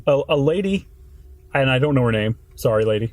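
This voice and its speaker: A man's voice: mid-range voice, lively intonation, a little mellow. A young man hosting a podcast, chatting casually and joking in a parked car. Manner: quick, joking, teasing. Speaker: podcast host. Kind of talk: casual chat.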